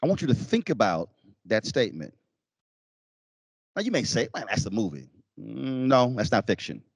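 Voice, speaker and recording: This keynote speaker has a medium-pitched, creaky, husky voice and talks at a normal speed. Lecturing at a university in a lecture hall, he tells animated stories and performs quotations in changing voices. The sound is clean, studio-like, with no echo.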